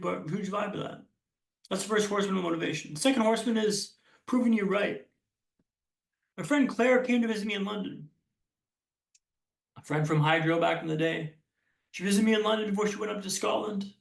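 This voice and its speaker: Heard from a distance in a roomy space, a young man's high, creaky voice carries an earnest motivational keynote. He tells personal stories and frequently starts his phrases over.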